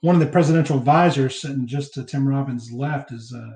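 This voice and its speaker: A man's voice: medium pitch, warm tone. Chatty man, echoey room. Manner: rambling, recaps scenes with fillers and quick laughs. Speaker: podcast co-host. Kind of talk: casual movie commentary chat.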